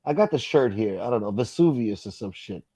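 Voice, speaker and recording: A man hosts a loose morning live-stream chat. His voice is warm and relaxed, recorded close and dry with no room sound. He jokes around and calls out viewers by name. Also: on the low side, fairly quick, breathy edge, dry recording. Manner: joking, greets viewers by name. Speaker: host reading live chat.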